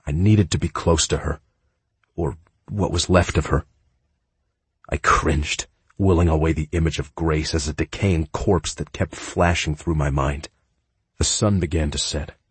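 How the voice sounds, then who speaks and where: A man's voice: deep voice, a little mellow, breathy edge, no room sound. A man narrating a first-person audiobook in a raw, emotive, earnest manner.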